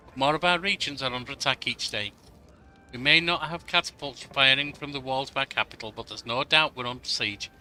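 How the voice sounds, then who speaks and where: A man's voice: fairly high pitch, bright, forceful tone, low-quality recording. A man voicing an earnest young woman advisor who brings urgent news, read aloud from a game. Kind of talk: reading game dialogue aloud.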